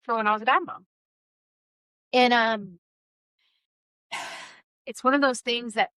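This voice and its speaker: A woman's voice: fairly high pitch, fairly even intonation, a little slow, long pauses, bright, forceful tone, smooth, no room sound. A woman co-hosting a podcast, talking candidly and bluntly about recovery and shame, swearing freely and stressing her words. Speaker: podcast co-host. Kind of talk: candid casual chat.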